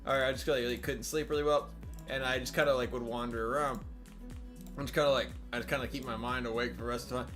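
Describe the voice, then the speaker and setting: A young man chats over a gaming voice call, his voice sitting at an ordinary middle pitch. He rambles through a long story, leaning on "like" every few words and swearing casually. Game music plays faintly behind him. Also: fairly even intonation, fast, a bit bright. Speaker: gamer on group voice chat. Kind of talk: casual chat.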